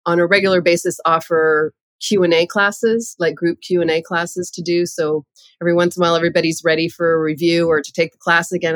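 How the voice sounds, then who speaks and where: A middle-aged woman who teaches parenting classes, telling stories in an animated, conversational way as an interview guest. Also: lowish voice, dry recording. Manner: lively, animated storytelling with laughs.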